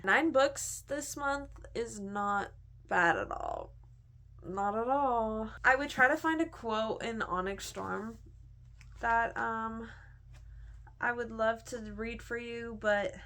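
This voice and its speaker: A woman's voice: a little high, animated, slow pace, a bit bright. A young woman in a casual book review chat, gushing and chatty, filling her talk with "like". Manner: gushing, chatty, heavy use of "like".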